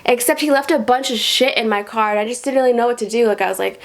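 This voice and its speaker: Brief: young woman, story-time vlogger, swears a lot, rambles, slightly high voice. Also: fast talker. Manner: rambling, profane, full of "like". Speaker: rideshare driver telling stories. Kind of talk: casual storytime vlog.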